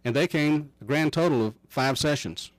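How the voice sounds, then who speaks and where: A man's voice: on the high side, moderate pace, dry recording, low-quality recording. Folksy middle-aged male counselor. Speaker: counselor guest. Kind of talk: casual chat.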